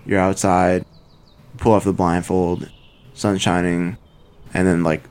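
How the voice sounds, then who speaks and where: A man's voice: deep voice, steady tone, normal speed, music in the background. A young man recounting a personal story casually, rambling with many fillers and swearing. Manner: rambling, frequent "like" fillers, profane. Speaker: interviewee.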